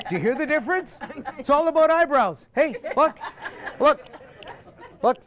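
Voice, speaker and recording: A man's voice: extremely high pitch, sing-song, normal speed, fairly bright tone. A man teaching a group singing workshop, joking and singing lines to demonstrate. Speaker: singing instructor.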